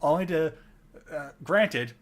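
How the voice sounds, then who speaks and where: A man's voice: on the high side, animated, takes it slowly. A man co-hosting a casual chat, telling trip anecdotes over his own video footage with a chatty, laughing manner. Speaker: co-host.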